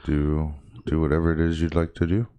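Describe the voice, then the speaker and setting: A man's voice: very deep voice, level tone, fairly quick, dark tone, clear, resonant tone, dry recording. A man co-hosting a podcast, chatting casually in a joking, rambling way. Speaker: podcast co-host. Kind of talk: casual chat.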